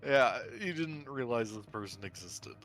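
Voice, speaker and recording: A man's voice: medium pitch, lively intonation, moderate pace, fairly bright tone, soft background music. A man playing a tabletop game with friends, teasing the others with dry humor. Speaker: player.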